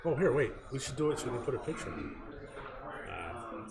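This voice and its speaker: A man co-hosting a podcast, telling stories in a relaxed, rambling way with many fillers. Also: mid-range voice, normal speed, a loud crowd. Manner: easygoing, rambling, lots of fillers. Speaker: podcast co-host. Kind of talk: casual chat, storytelling.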